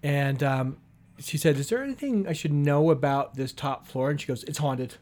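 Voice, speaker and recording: A talkative man with a fairly light, slightly high voice. He tells his story in loose, casual conversation, moving from plain narration into quoted lines of dialogue. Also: moderate pace, darkish tone. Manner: chatty, acts out dialogue with "she goes" and "I go". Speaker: guest telling a story.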